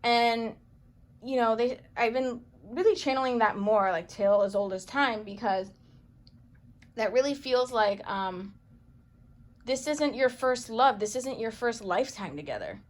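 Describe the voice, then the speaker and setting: A woman reading tarot cards for viewers in a chatty, playful way, excitable and full of pet names. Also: fairly high pitch, a little slow. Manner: playful, chatty, calls listeners baby girl and boo; excitable, gasps and exclaims over cards. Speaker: psychic medium tarot reader.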